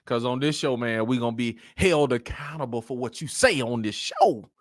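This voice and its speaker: Animated man hosting sports talk. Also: medium pitch, no echo, studio quality. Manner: animated, repeats "man" often, drawn-out emphasis. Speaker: sports talk show host.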